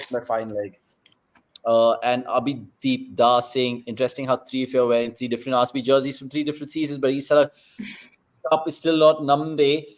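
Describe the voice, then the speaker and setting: A young man hosting a live cricket watchalong, joking around and bursting into loud excitement at big moments. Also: medium pitch. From India. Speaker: watchalong host.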